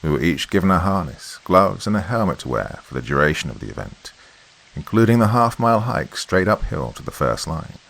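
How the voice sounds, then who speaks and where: A man narrating a horror podcast story, reading his script at a measured, steady pace. His voice is low and deep throughout, unhurried and even. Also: gravelly, low-quality recording.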